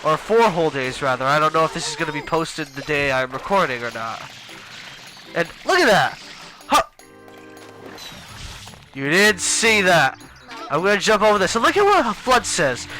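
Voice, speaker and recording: A young man giving casual, rambling gameplay commentary, chatty and quick to get excited. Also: fairly high pitch, faint music behind, low-quality recording. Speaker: let's play gamer.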